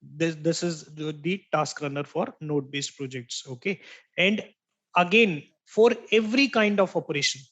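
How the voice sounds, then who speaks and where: Guy teaching a coding class online, high-ish voice, keeps saying "right?" and repeating stuff. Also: normal speed, fairly bright tone. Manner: explanatory, checks in with "right?" after each point; repeats key terms to stress them. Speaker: software instructor. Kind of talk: online tech training lecture.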